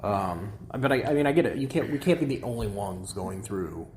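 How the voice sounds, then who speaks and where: A young man co-hosting a podcast, speaking plainly with halting restarts in casual chat. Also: lowish voice, animated, darkish tone, slight background noise. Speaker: podcast co-host.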